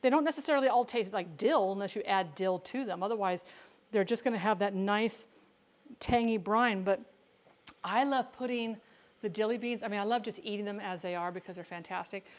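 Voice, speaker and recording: A woman's voice: medium pitch, fairly quick. A woman hosting a casual livestream about home canning, chatting with viewers and talking to herself as she works. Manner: chatty, answers viewer questions, talks to herself while working. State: has the hiccups. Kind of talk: casual livestream cooking chat.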